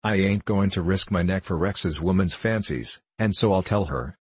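Hulking savage convict brute, husky and low; man reads it. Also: moderate pace, no room sound. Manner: savage, gruff, slangy threats. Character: hulking brutish male convict giant.

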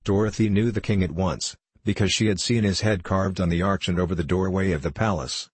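Deep husky male audiobook narrator. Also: brisk, no room sound. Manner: steady storytelling. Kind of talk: audiobook reading.

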